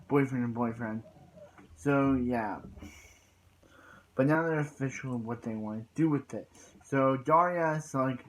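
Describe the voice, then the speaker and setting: A man's voice: medium pitch, slight background noise, rough recording. Rambling young man recapping an episode. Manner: rambling, many restarts and filler "so yeah". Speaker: TV episode reviewer.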